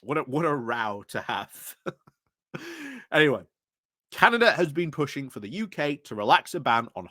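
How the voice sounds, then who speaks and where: A man's voice: mid-range voice, a bit bright, no room sound, clean studio sound. A man giving casual, wry commentary on the news, laughing often as he talks. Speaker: YouTube political commentator.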